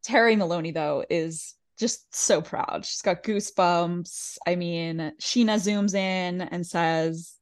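A woman's voice: lowish voice, slow pace, few pauses, no room sound, studio quality. A woman co-hosting a podcast, recapping a reality show in casual, gossipy chat and acting out the quotes. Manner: gossipy, laughs often, acts out quotes. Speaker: podcast co-host.

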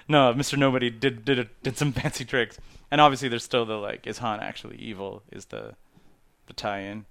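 A man in easy conversation, his voice sitting at an ordinary middle pitch. He gets animated and laughs a lot, jumping into bits of movie dialogue as he retells scenes. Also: moderate pace, no echo. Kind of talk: casual chat.

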